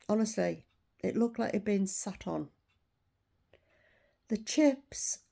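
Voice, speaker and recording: Older woman vlogger, warm gravelly voice, indignant rant with swearing. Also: medium pitch. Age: 60s. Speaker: weight-loss vlogger. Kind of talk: casual storytelling rant.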